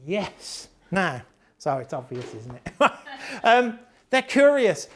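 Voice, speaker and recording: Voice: medium pitch, sing-song, slow. A parent with a British accent giving a live talk to an audience on autism and behaviour, chatty and blunt, laughing often and swearing casually. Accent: British English. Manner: chatty, jokey, laughs often, acts out quotes.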